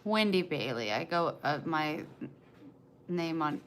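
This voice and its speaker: A woman's voice: sits low, expressive, slow, slight background noise. A woman in her forties chatting casually on a livestream, greeting viewers and reading their comments aloud. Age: 40s. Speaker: livestream host.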